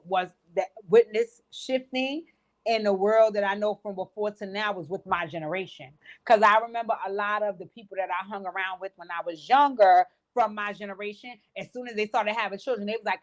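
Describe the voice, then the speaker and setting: A woman's voice: medium pitch, fairly quick. A woman in her forties hosting a casual livestream chat, telling stories with lots of profanity and acted-out quotes. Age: 40s. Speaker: livestream gossip host.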